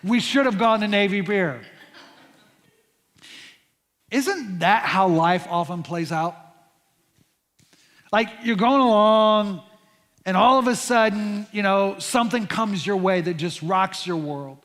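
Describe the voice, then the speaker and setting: A middle-aged pastor with a high voice tells a story in a chatty, animated way, tripping over his words and starting lines again. His voice rings out in a large church hall with a long reverb. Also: slow pace, long pauses. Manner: animated, conversational with many restarts and fillers. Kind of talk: storytelling sermon.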